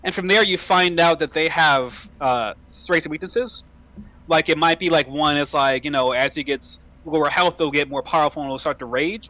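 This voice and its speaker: A man's voice: a little high, pushed and bright, poor audio. A young man co-hosting a gaming podcast, talking loosely with stumbles and casual swearing. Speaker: podcast co-host. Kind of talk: casual chat.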